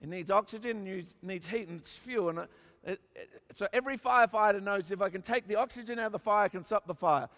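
High-voiced Australian preacher in reverb. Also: male voice, quick pace. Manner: emphatic preaching that swings from quiet asides to shouts. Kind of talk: sermon. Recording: long hall reverb.

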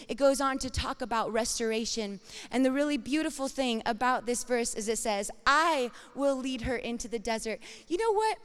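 Woman, sermon, fairly high voice, expressive and dramatic, long hall reverb. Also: moderate pace, hardly any pauses, clean tone. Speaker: preacher.

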